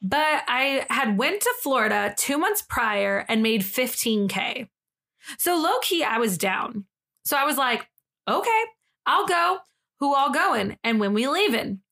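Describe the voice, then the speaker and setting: A woman's voice: fairly high pitch, big pitch swings, unhurried, vocal fry, sharp tone, full character voice. A woman voicing a brash, sassy young woman with an exaggerated Southern accent, reading a story in an over-the-top, emphatic way. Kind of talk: dramatic reading of a social media thread.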